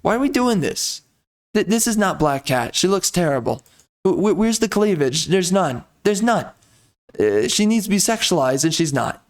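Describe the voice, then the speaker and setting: A young man rants through a commentary video in a somewhat high voice. He stammers, trails off and restarts his sentences again and again. His tone stays exasperated and mocking. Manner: rambling, stammering, frequent restarts. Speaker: video host.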